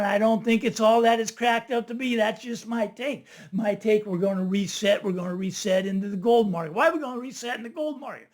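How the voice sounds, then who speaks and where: A man hosting his own finance channel, talking to camera in a casual, animated monologue and tagging his points with "right?". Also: extremely high pitch. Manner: animated, chatty, keeps asking "right?". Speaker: finance video host.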